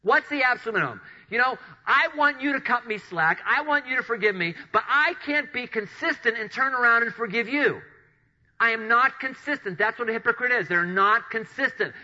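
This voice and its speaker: A man preaching with a high, very bright and forceful voice. He retells scripture as lively storytelling, slipping into the voices of the people in it. The recording sounds dull and lo-fi. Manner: animated storytelling, acting out Bible characters. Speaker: pastor. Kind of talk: sermon.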